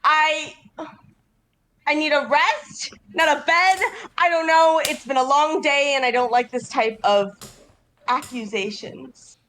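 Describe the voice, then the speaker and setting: A woman's voice: high-pitched, slow, fairly bright tone, pitched above the performer's own voice. A woman voicing a weary, proud adventurer in a tabletop game, speaking in a clipped, defensive, tired way. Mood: irritated.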